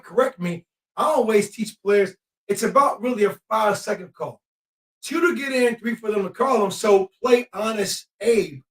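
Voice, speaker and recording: A man with a high voice calls a game live, excitable and quick to yell at the officials. He sounds set back from the mic in an echoey room. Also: distant mic. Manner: excitable, shouts at the refs and players. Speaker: podcast host. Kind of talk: live game-watching commentary.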